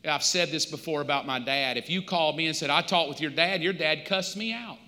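A man's voice: a little high, brisk, pushed and bright, long reverb tail. A male pastor, preaching in a conversational, storytelling way with touches of humor. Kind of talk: sermon.

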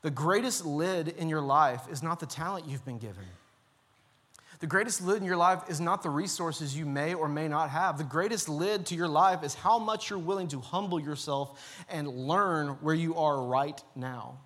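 Male pastor, fairly high voice, earnest, repetitive and urging. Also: moderate pace, fairly bright tone. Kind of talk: sermon. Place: church.

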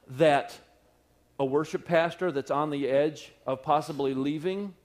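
Man, pastor, sermon storytelling, mid-pitched voice, acts out quotes, laughs a lot. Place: church service.

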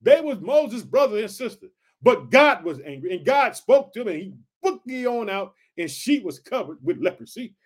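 A man with a high, swooping voice preaches on a Bible passage. He is fervent and lively, with pitch leaping up and down as he keeps checking that his listeners are following along. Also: moderate pace, slightly rough. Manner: fervent, keeps asking "did you hear?" and "check it out"; addresses listeners as family. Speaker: Bible teacher. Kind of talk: animated Bible teaching.

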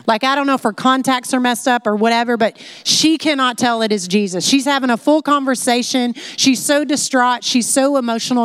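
A woman teaching a conversational Bible lesson in a chatty, animated way, full of "like" fillers. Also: fairly high pitch, brisk, hardly any pauses, smooth, no room sound, studio quality.

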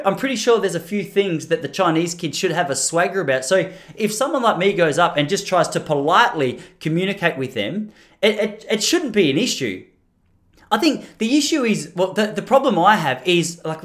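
A man's voice: high voice, a bit bright. An Australian man talking to camera in a casual vlog, rambling and joking at his own expense with lots of restarts. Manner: rambling, jokey and self-deprecating, full of restarts. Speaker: vlogger.

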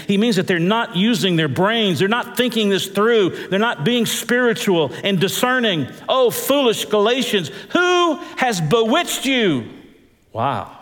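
A man preaching a sermon as pastor, swinging his pitch and drawing words out for emphasis. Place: large church hall. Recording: echoey church hall.

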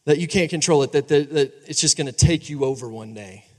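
A man in his thirties preaching a sermon as pastor, animated and conversational, often asking the congregation for agreement. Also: fairly high pitch, fairly quick. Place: church sanctuary. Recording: long reverb of a large hall.

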